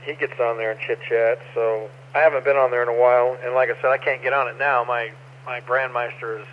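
An easygoing man talks plainly and matter-of-factly, his voice at a middle pitch. The sound is dulled by a radio link, and faint noise sits underneath. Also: fairly even intonation, brisk, highs cut off. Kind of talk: casual radio chat.

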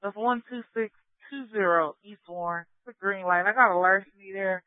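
A high-pitched male police dispatcher reads out addresses and call codes in a clipped, procedural way. He comes through a tinny, narrow-band radio scanner with a dry, close sound. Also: fairly quick, no echo.

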